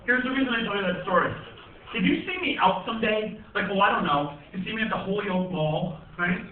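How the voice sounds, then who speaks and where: A young male comedian tells stories with animated energy in a high voice and bursts into shouts. He is recorded on a tinny phone from far back in an echoey club. A crowd can be heard around him. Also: brisk, slight background noise. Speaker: stand-up comedian. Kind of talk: stand-up comedy routine. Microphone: phone recording from the audience.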